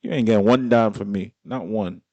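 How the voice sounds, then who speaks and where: A man's voice: fairly low pitch, fairly quick, a little mellow, dry recording. A man giving casual reaction commentary on a clip, blunt, exasperated and slangy, swearing freely.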